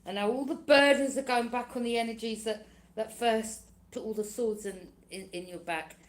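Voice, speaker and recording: A woman's voice: fairly high pitch, moderate pace. A woman giving a casual tarot reading, chatty and laughing often, acting out other people's lines. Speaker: tarot reader.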